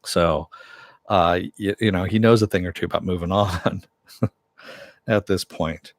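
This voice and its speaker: A man's voice: low voice, fairly even intonation, measured pace, no echo, clean studio sound. A man casually recapping a TV episode, rambling with many fillers and self-corrections. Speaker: TV show reviewer.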